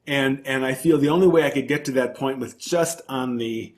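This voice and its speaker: A man's voice: mid-range voice, normal speed, a little mellow. A man, a professional oboist, talking in an interview and explaining his craft thoughtfully with emphatic repetitions. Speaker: principal oboist and oboe professor, interview guest. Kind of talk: conversational interview.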